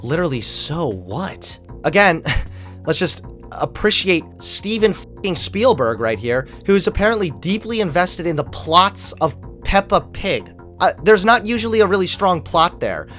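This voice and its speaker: A man's voice: high voice, very animated, measured pace, fairly bright tone, faint music behind. A young man hosting a political commentary channel, ranting sarcastically with lots of swearing and mock outrage.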